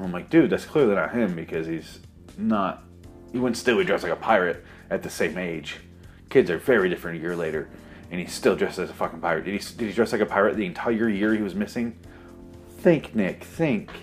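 A man giving a sarcastic, profane, rambling comedic recap of a movie plot. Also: sits low.

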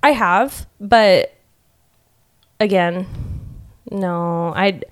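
A woman's voice: mid-range voice, very slow, smooth. A young adult woman chatting openly on a podcast and laughing often. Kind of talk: casual podcast chat.

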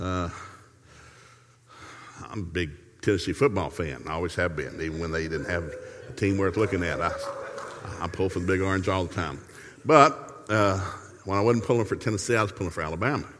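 A man's voice: low-pitched, fairly quick, fairly bright tone, long reverb tail, a little hiss or hum. A middle-aged man preaching a humorous sermon in a folksy, joking way, telling stories from his family life.

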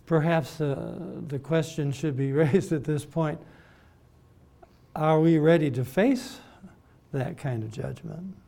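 Male preacher, unhurried, emphatic sermon delivery, a touch high-pitched. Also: vocal fry, warm tone. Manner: deliberate, emphatic, with repeated words and mimicked voices.

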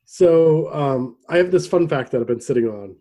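A man co-hosting a casual podcast chat, rambling with restarts and throat clearing. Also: on the high side, animated, normal speed, dark tone. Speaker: podcast co-host.

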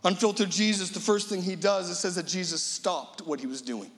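High-voiced preacher with a gravelly edge. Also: male voice, a little fast, big-room sound. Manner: dramatic storytelling, acting out imagined voices. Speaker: guest preacher. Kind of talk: sermon.

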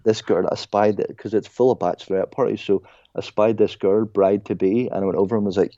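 A man's voice: lowish voice, steady tone, a little fast, warm tone, no room sound, dull audio. A young Irish man chatting casually as a podcast guest, telling stories and calling people mate. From Ireland. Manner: chatty storyteller, says mate a lot. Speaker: guest, former soccer player. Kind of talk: casual podcast chat over a call.

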